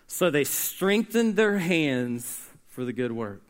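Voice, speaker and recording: Pastor guy preaching, highish voice, bright tone, goes quiet then punches it up loud. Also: very animated, slow pace. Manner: dynamic, swings from hushed to loud and emphatic; call-and-response with the congregation. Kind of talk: sermon.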